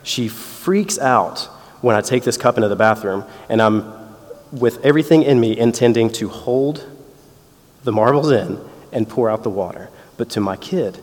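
Speaking at a normal pace in a mid-range voice, this thirtysomething pastor delivers a chatty sermon built on family anecdotes and performed quotations. Long hall reverb surrounds him.

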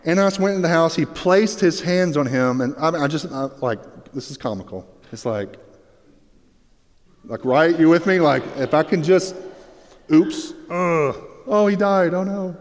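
A man preaching a sermon as pastor, telling the scene with lively, acted-out storytelling. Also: fairly high pitch, a little slow. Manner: animated storytelling, acts out Bible scenes. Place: church sanctuary. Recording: long reverb of a hall.

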